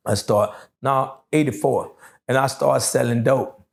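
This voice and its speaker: A middle-aged man with a gravelly, fry-laden voice settles into a long story for an interviewer. He drawls through it at an easy pace, full of "uh"s and "you know what I'm saying". His pitch sits right in the middle for a man. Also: steady tone. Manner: slow, drawling storytelling with many fillers. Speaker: interview guest.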